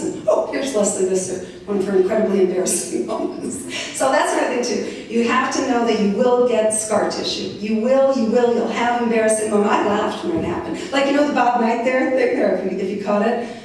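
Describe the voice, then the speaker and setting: A woman in her sixties giving a lively, anecdotal talk to high school students, acting out the people in her stories. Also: normal speed, slight background noise. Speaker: guest speaker. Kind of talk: storytelling speech to students. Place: large echoey high school hall. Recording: echoey hall, distant mic.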